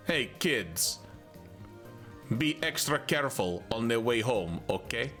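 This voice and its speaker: A man's voice: mid-range voice, expressive, slow, a bit bright, faint music behind. A man voicing a male school official in a game, giving a folksy warning to kids. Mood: cautioning.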